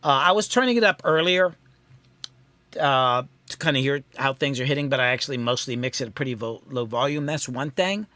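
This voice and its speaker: A man's voice: medium pitch, expressive, brisk, bright, forceful tone, no echo. A man hosting a casual live stream from his home mixing studio, thinking aloud and rambling in a self-deprecating way, with lots of ums.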